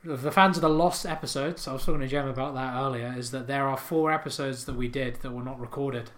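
Bright-voiced man rambling comically. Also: medium pitch, fairly even intonation, fairly quick. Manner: absurd storytelling, swears, laughs at his own jokes. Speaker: podcast host. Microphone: podcast microphone.

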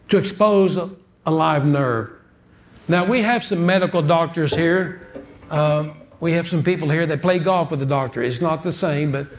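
High-voiced folksy preacher. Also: male voice. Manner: folksy storytelling preacher, repeats words. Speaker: pastor. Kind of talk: sermon.

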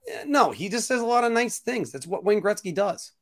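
Animated, high-voiced male podcast host. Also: brisk. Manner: animated, ranting. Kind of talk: casual sports talk show.

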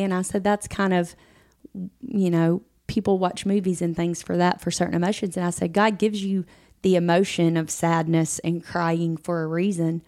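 Lower-voiced woman telling stories. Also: flat delivery, normal speed, a little mellow. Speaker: podcast co-host. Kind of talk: casual chat.

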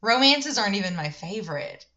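A woman co-hosting a casual book-club podcast, chatty and quick to laugh. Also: medium pitch, big pitch swings, bright, forceful tone, highs cut off. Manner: chatty, many fillers, laughs easily. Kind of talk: casual chat.

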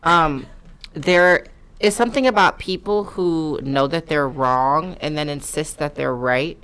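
Low-voiced frank woman guest. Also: a little slow, fairly bright tone, clean tone. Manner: frank, profane, many fillers of "like". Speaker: podcast guest. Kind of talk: casual podcast chat.

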